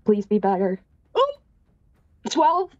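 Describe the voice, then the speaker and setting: A woman's voice: mid-range voice, wildly swooping pitch, slow, darkish tone, no room sound, highs cut off. A woman playing a tabletop game, hesitant and full of ums, with chatty asides. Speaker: player. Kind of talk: casual tabletop game play.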